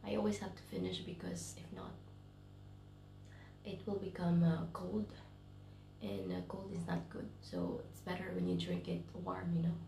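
This woman's voice is lowish, gravelly, and warm, animated and at normal speed, in a roomy space with slight background noise. She's a vlogger and English teacher chatting casually from her bedroom during self-quarantine with a cold, sounding tired and often whispering.

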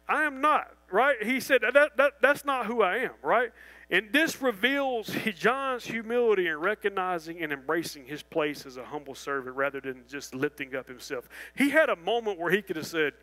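A man preaching a sermon in a church, animated and folksy, full of restarts and asides. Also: high-pitched, low-quality recording. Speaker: pastor. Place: church sanctuary.

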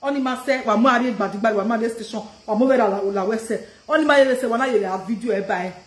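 Racing along in a roomy-sounding recording, a woman with a Nigerian accent and a slightly high voice rants confrontationally on a live stream. She repeats her questions and slips into another language mid-sentence.

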